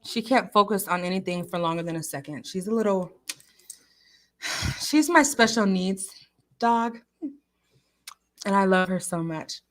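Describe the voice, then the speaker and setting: A young adult woman hosting a casual livestream, chatting and answering viewers with emphatic, animated remarks. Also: medium pitch, a little slow, long pauses. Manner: chatty, emphatic, laughs often. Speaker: livestream host.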